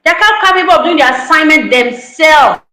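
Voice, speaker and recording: A woman's voice: high-pitched, lively intonation, brisk, sharp tone, reverberant, poor audio. A woman giving an online parenting talk, emphatic, repeating key lines and acting out parents' voices. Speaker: parenting speaker.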